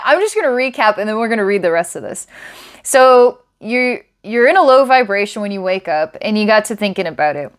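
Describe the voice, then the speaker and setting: A woman's voice: mid-range voice, expressive, brisk. Enthusiastic woman giving a casual psychic reading. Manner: enthusiastic, laughs often, thinks aloud. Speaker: psychic reader.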